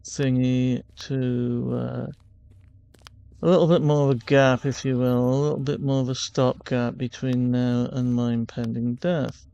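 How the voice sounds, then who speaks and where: Casting: a man as a relaxed gaming host, slow and smooth-voiced, thinking aloud as he plays. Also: mid-range voice, dry recording, lo-fi sound. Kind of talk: casual game playthrough commentary.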